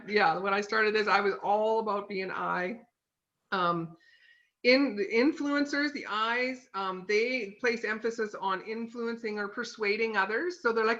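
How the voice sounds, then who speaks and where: A woman's voice: on the high side, pushed and bright, lo-fi sound. A woman giving a casual lesson from her home office in a chatty manner, full of fillers and "okay?" check-ins. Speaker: sales consultant teaching personality types. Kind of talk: casual instructional talk.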